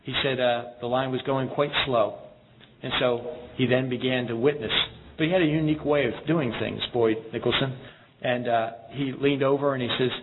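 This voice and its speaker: A man preaching a sermon in an earnest, measured way, reading scripture passages aloud. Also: mid-range voice, steady tone. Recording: tinny phone-like sound with background noise.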